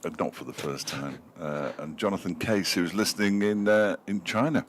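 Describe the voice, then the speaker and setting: Man, cricket commentator, very low voice, chatty, self-mocking, faint background noise. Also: normal speed. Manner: chatty, reads out listener messages, self-mocking. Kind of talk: live sports commentary with banter.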